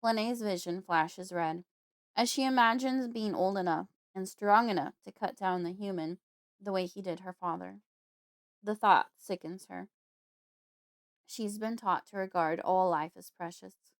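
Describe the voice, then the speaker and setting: A woman, the author and host, reading her own novel aloud in a casual audiobook style with a steady, expressive delivery. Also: mid-range voice, measured pace, no room sound, clean studio sound.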